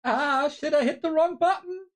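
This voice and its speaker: A woman's voice: high voice, moderate pace. A woman casting a game stream, chatting casually in a laid-back, self-mocking way and laughing often. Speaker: esports caster.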